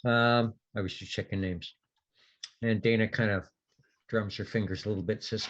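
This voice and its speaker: A man's voice: on the low side, fairly even intonation, normal speed, muffled recording. A man narrating a tabletop game as its game master, in a casual way.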